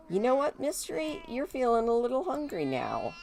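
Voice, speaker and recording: A woman's voice: on the high side, huge pitch swings, moderate pace, few pauses, a little mellow. A woman, chatting casually as she narrates a life-sim game and talks to the characters. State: stuffy nose. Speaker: gameplay video host. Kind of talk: casual gameplay commentary.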